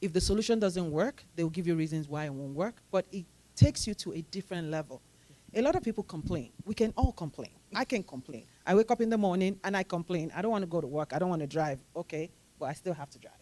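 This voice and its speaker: A woman's voice: lowish voice, lively intonation, fast, warm tone. Matter-of-fact woman panelist. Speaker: team leader and panelist. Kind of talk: practical career advice on a panel.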